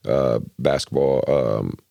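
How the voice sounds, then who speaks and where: Very deep, gravelly male podcast host. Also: slow pace, no echo. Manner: relaxed, hesitant with many fillers. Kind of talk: casual podcast interview.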